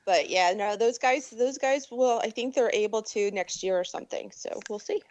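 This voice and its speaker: A woman guest on a radio talk show, chatty and excitable, often laughing. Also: on the high side, normal speed, no room sound. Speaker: radio guest and event organizer. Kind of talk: casual radio chat.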